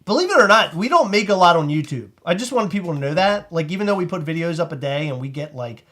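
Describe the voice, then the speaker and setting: A man with a Maryland accent hosting a casual livestream, excitable and rambling, laughing often. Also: on the high side, fast. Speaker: host.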